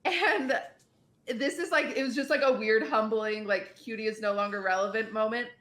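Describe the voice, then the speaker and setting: A woman in her twenties chatting on a podcast, telling stories in an animated way and swearing freely. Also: a little high, normal speed. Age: 20s. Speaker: streamer guest. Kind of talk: casual podcast chat. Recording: roomy echoey recording.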